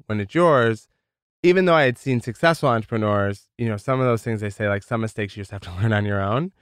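A young man from Michigan, a founder telling his own story in a casual, candid way, lively when he quotes others. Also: fairly low pitch, smooth, dry recording, clean studio sound. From Michigan, United States. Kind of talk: storytelling, podcast interview.

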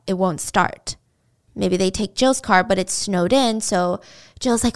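A woman's voice: mid-range voice, unhurried, clear, resonant tone. A woman retelling a true-crime story in a casual, dramatic way, with chatty asides to the listener.

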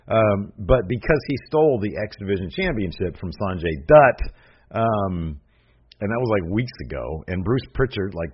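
A man's voice: fairly low pitch, husky. A man casually recapping a show in a rambling way, full of fillers and joking asides. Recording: dull lo-fi recording.

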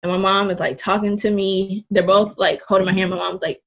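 A woman's voice: mid-range voice, flat delivery, brisk, fairly bright tone, slight background noise. A young woman in her twenties, a podcast guest, telling a story in casual, candid, blunt talk and swearing freely. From California Bay Area.

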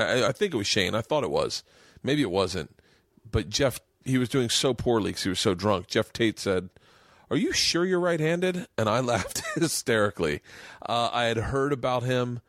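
A man hosting a podcast, introducing a clip in a rambling, casual way with many pauses and restarts. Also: mid-range voice, no room sound, clean studio sound. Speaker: podcast host.

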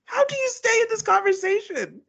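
A woman's voice: very high voice, sing-song, fairly quick, creaky, fairly bright tone. A woman co-hosting a casual podcast, sounding exasperated and trailing off as she reacts to a scene. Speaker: podcast co-host. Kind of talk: casual recap chat. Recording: dull, muffled sound.

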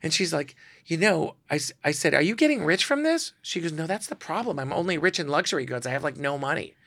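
A man's voice: on the high side, fast talker, dry recording. A middle-aged man, a guest storyteller, animatedly acting out the voices of people in his anecdotes. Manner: animated, acts out quoted voices. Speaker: guest storyteller, celebrity photographer. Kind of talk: casual storytelling.

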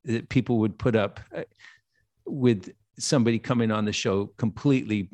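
A man in his sixties, a guest actor telling lively anecdotes in a podcast interview, acting out the voices of people in his story. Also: on the low side, moderate pace, no room sound. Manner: animated anecdote teller, acts out quoted voices.

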